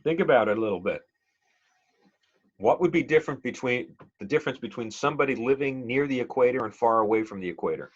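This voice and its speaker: A middle-aged man teaching a speech class, talking in a relaxed conversational way with many fillers and questions to the students. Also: medium pitch, fast talker, breathy edge. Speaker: college speech instructor. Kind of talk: classroom lecture. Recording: dull lo-fi classroom recording.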